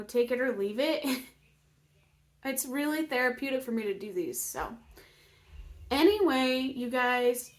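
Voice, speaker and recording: A woman vlogging casually about her healing, emotional and open, with many fillers and moments where she drops to a whisper. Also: a little high. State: emotional, near tears. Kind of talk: casual personal vlog.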